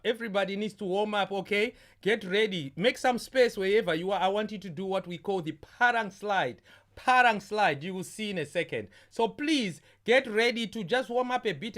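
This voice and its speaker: High-voiced jovial stream host man. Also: fairly bright tone. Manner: jovial, repeats his words, chats to viewers. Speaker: host of an online carnival stream. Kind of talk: casual live-stream hosting.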